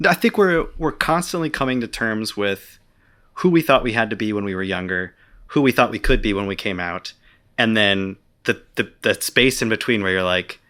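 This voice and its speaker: A man's voice: on the low side, animated, moderate pace, sharp tone. A man, an author being interviewed, talking earnestly and reflectively with some hesitations. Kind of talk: conversational interview.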